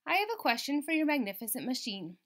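A woman's voice: high voice, very animated, fast talker, a bit bright. A woman voicing a curious young boy in a children's storybook.

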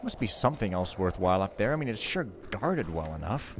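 A man's voice: lowish voice, very animated, fairly quick, background noise. A man giving casual, joking, rambling commentary while playing a stealth game, mocking himself as he goes. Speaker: let's play commentator.

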